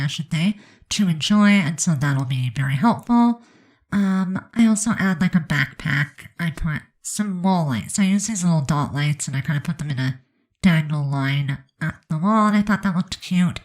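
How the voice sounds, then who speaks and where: Her voice lowish and stuffed-up, a woman rambles through a chatty voice-over on a game build, filling it with fillers. The audio is poor.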